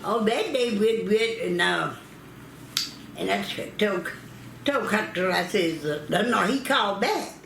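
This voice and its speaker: A woman's voice: medium pitch, expressive, unhurried, vocal fry, roomy sound, noisy background. An older woman from North Carolina, recalling childbirth stories, acting out quoted voices and laughing often. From North Carolina, United States. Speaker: interviewee telling family history.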